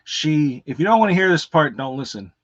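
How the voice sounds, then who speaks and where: A man's voice: on the high side, very animated, a little fast, no room sound, muffled recording. A man hosting a casual live unboxing, rambling and cursing freely with lots of fillers. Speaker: movie reviewer and unboxing host.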